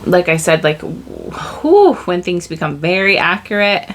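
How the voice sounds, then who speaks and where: A woman's voice: lowish voice, steady tone, moderate pace, fairly bright tone, a little hiss or hum, rough recording. A woman giving a casual tarot reading, rambling and searching for her words, with lots of "like" and "you know.". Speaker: tarot reader.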